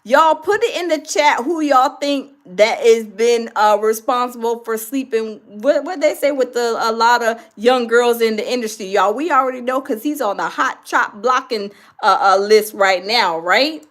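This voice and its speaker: A woman hosting a casual reaction stream, excitable and chatty, calling out to her viewers. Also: a little high, normal speed, few pauses. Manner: excitable, addresses viewers as y'all. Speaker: commentary host.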